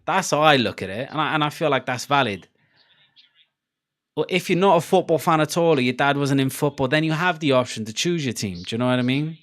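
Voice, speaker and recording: A man from Cardiff with a Welsh accent, hosting a live football watchalong and chatting casually to his viewers. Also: fairly high pitch. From Wales, Cardiff. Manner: chatty, sweary, laughing between rants. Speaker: livestream host.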